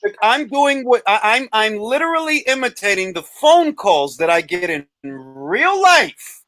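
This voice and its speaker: Man, boxing stream host, lively pitch swings, bright forceful voice, dry sound. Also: a little slow, no echo. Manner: animated, joking, blunt. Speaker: livestream host. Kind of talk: casual boxing chat.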